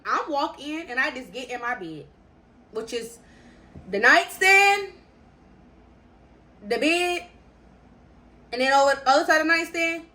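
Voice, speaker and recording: Young woman doing a storytime vlog, high voice, lots of slang, keeps repeating herself. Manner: slangy, animated, repeats phrases for emphasis. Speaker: storytime vlogger. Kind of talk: casual storytelling.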